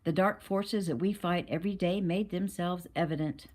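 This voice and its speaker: Woman reading an earnest, serious man, low voice. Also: moderate pace, a little mellow, lightly acted.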